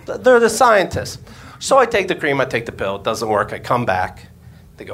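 A man's voice: mid-range voice, wildly swooping pitch, brisk, a bit bright. A man, a comedian and podcast host, telling a crude story on stage before a live audience and acting out the voices he quotes.

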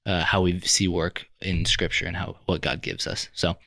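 A man co-hosting a faith-based podcast discussion, talking in a thoughtful, measured way and working out his points as he goes. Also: low-pitched, little pitch movement, sharp tone, no echo, studio quality. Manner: thoughtful, measured, reasons aloud with restarts. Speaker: podcast co-host.

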